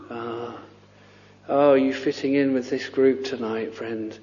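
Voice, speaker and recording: A man preaching a sermon, pleading earnestly and slowly with old-fashioned scripture wording. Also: mid-range voice, fairly even intonation, mellow. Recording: dull audio with long hall reverb.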